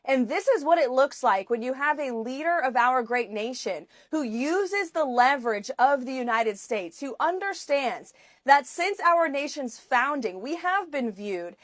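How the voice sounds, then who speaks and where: A woman's voice: high-pitched, expressive, unhurried, no room sound, studio quality. A woman giving a prepared press statement with a confident, formal delivery.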